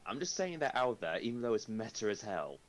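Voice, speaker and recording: A man's voice: on the low side, big pitch swings, brisk, poor audio. A man playing a tabletop game, breaking in with earnest explanatory asides. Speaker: player.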